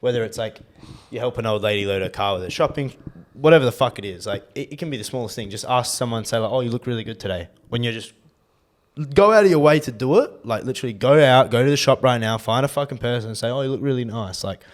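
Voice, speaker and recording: A man's voice: medium pitch, fast. A young Australian man co-hosting a podcast, chatting casually in a blunt way and swearing freely. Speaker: podcast co-host. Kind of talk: casual chat.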